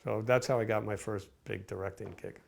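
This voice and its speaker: An older man with a low, gravelly voice looks back on his film career. He rambles, doubling back and restarting his sentences in a loose interview manner. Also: fairly even intonation, fairly quick. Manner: rambling, with many restarts and fillers. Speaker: film director and producer. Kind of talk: casual interview recollection.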